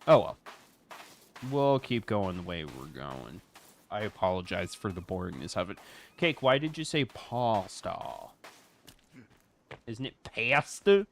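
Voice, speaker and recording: Sarcastic man bantering, slow and lively. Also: on the low side, a little hiss or hum. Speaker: gamer. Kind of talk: casual co-op let's play chat.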